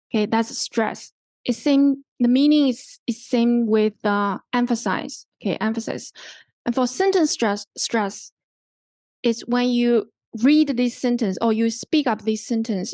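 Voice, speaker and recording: Slow-talking Hong Kong woman teaching. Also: fairly high pitch, darkish tone, no echo. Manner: explains slowly, repeats and rephrases, checks with "okay?". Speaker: workshop instructor. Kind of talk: online English pronunciation lesson.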